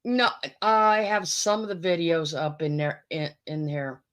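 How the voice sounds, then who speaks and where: A woman co-hosting a casual chat, talking in a chatty way with quick asides. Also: sits low, fairly bright tone. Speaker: channel co-host.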